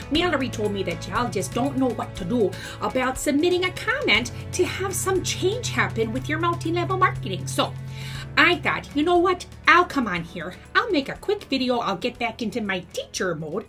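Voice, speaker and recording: A woman's voice: fairly high pitch, fairly bright tone. A woman voicing a bossy, folksy older woman and former schoolteacher who scolds and lectures the viewers in a comic monologue. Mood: chatty. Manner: scolding, chatty, talks straight to viewers. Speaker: video creator. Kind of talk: comedic character monologue.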